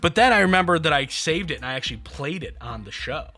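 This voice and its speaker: Guy cohosting a podcast, bright voice, chatty and joking, music faint behind. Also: on the high side, animated, quick pace. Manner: chatty storyteller, wry asides. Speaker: podcast co-host. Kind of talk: casual chat.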